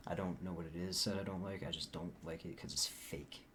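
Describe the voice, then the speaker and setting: A soft-spoken young man rambling casually through a story as a vlogger, swearing often, recorded on a desktop mic at home. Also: low voice, level tone, brisk, hardly any pauses, slight background noise. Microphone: desktop mic recorded in Audacity.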